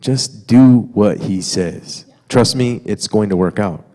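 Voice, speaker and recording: A man's voice: on the low side, slow, dark tone. A man sharing a testimony in a church, talking easily and conversationally to the congregation. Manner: easygoing, conversational, fillers and asides to the congregation. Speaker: guest speaker sharing testimony with wife. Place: church sanctuary. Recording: reverberant church sanctuary.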